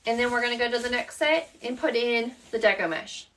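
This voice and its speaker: A Southern woman with a high voice hosts a live craft tutorial, talking through each step while she works. She chats easily and answers viewers by name. Her voice sounds a bit distant from the mic. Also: brisk, fairly bright tone, slight background noise. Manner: chatty, explains steps while working and answers viewers by name. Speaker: craft shop owner hosting a live tutorial.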